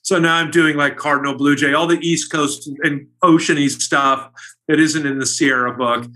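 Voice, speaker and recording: A man's voice: a little high, steady tone, normal speed, pushed and bright. A man being interviewed as a guest, telling stories in an enthusiastic, rambling way. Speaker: guest, bird illustrator. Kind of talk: casual interview.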